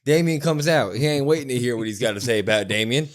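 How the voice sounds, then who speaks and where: A young man co-hosting a casual podcast, retelling events in an animated way and acting out the quoted lines. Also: medium pitch, quick pace, slight background noise. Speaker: podcast co-host.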